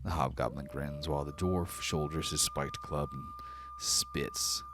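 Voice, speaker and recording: A man narrating a tabletop game as game master in a dramatic, measured way. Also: extremely low pitch, noisy background.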